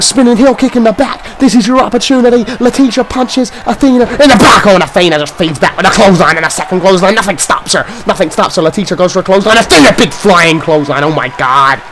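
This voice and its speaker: A fairly high-voiced man calls a wrestling match play by play, getting louder and higher as the action builds. He repeats lines for emphasis and keeps tossing in a casual "man." Faint music plays underneath. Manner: excitable, shouting on big moves, repeats phrases, says "man" often. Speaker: wrestling commentator. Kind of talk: play-by-play commentary.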